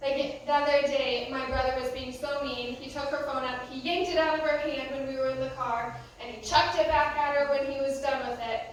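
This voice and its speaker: A woman's voice: sits high, level tone, brisk, hardly any pauses, slight background noise. A young American woman, a youth pastor, giving a casual, conversational talk with many fillers. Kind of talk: youth sermon. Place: church youth room. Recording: echoey room, from a distance.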